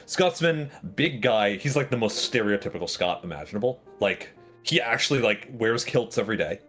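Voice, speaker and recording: Low-voiced man chatting on a stream. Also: lively intonation, moderate pace, a bit bright, soft background music. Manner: chatty, rambling with many fillers. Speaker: stream guest. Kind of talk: casual chat on a voice call.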